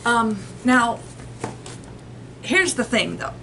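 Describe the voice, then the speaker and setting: A woman talks straight to her viewers in a loose, conversational way, circling back and restarting her sentences as she explains. Her voice sits a little high and sounds bright and forward, with a faint hum of room noise behind it. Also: sing-song, extremely slow, vocal fry, low-quality recording. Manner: rambling, conversational, frequent restarts and analogies. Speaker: host explaining sleep and nightmares. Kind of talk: casual explanatory talk to viewers.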